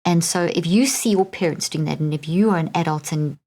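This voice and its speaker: On her solo podcast, a middle-aged woman with a South African accent coaches earnestly and keeps checking in with "okay?". Her voice sits low, with a dark tone and a brisk delivery.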